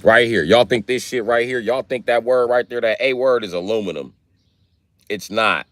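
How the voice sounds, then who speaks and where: An American man with an American accent, ranting on a live stream in a loud, profane, animated way. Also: mid-range voice, normal speed. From United States.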